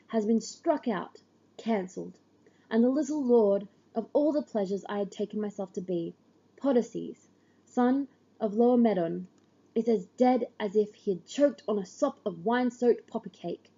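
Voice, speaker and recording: A woman reading a literary story aloud in the first person, measured and grave, on a dull lo-fi recording. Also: fairly high pitch, dark tone, husky. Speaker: audiobook reader.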